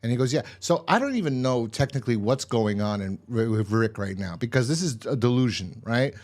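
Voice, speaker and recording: A man's voice: medium pitch, animated, fairly quick, a little mellow. A man recapping and reviewing a TV episode in a casual, rambling way, swearing often and acting out quoted lines. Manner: rambling, profane, retells scenes with quoted lines. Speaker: show reviewer.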